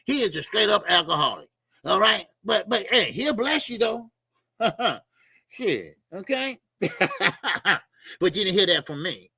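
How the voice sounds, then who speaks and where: A man's voice: sits high, very animated, measured pace, gravelly, pauses often, sharp tone, breathy edge, dry recording, clean studio sound. A middle-aged man hosts a casual boxing livestream. He talks loose and profane, laughs a lot and reads out viewer comments and donations.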